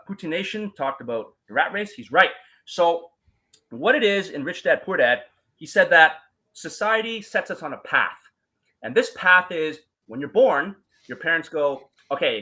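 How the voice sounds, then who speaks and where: A man telling his story as a guest in a casual talk, animated, acting out quoted voices and using many fillers. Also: fairly high pitch, low-quality recording.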